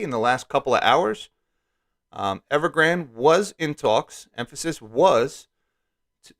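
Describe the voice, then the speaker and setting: A man's voice: medium pitch, fairly bright tone. A man from rural Pennsylvania hosting a casual market commentary live stream, chatty, reading headlines aloud and often asking "right?". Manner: reads news headlines aloud.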